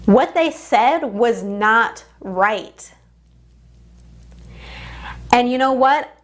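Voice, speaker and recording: A woman coach leading a guided tapping session, speaking in deliberate, repeated affirmations. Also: on the high side, expressive.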